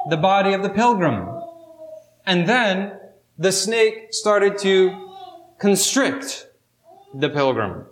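A man preaching a sermon, telling a parable and building up his emphasis as he goes. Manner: storytelling, rising in pitch and emphasis as he builds. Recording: roomy echo.

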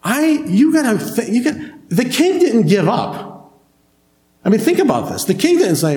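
A pastor preaching a conversational sermon to a congregation and asking them questions. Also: male voice, very high-pitched, wildly swooping pitch, moderate pace, darkish tone, reverberant.

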